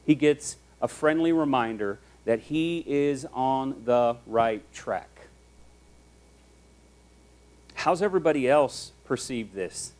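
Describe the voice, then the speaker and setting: A man's voice: mid-range voice, takes it slowly. Conversational man preaching a sermon. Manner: conversational, animated storytelling with acted quotes. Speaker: pastor.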